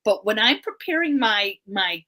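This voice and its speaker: A woman's voice: mid-range voice, lively intonation, unhurried, bright, forceful tone. A woman with a Boston accent co-hosting a casual spiritual podcast, speaking earnestly about her personal practice. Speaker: co-host.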